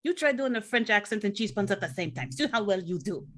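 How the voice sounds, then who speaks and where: A woman's voice: mid-range voice, animated, fast. A woman player joking in a self-mocking way during a tabletop game. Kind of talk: tabletop role-play chat.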